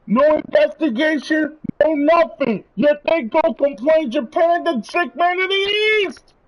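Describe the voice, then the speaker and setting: A man's voice: very high-pitched, highs cut off. A man streaming, delivering a heated, profane rant to his viewers. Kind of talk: angry rant.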